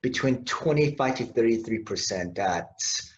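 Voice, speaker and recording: A man's voice: medium pitch, animated, a little slow. A man co-hosting a casual podcast, explaining points with figures. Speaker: podcast co-host. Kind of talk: casual conversation. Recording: echoey, dull-sounding room.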